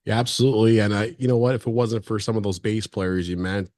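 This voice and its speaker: A man's voice: fairly low pitch, steady tone, fast, darkish tone, dry recording, clean studio sound. A man hosting a casual podcast interview, asking questions with hesitant fillers. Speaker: podcast host.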